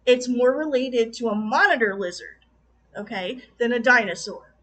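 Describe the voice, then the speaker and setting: A woman talking in a casual video review, passionate and exclamatory, quick to laugh as she vents. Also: fairly high pitch, animated, fairly bright tone. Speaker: film reviewer.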